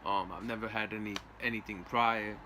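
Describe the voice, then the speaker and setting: A man's voice: on the low side, steady tone, moderate pace, background noise. Streetwise young man. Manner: loose, streetwise, peppered with "man" and "you know". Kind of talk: casual storytelling.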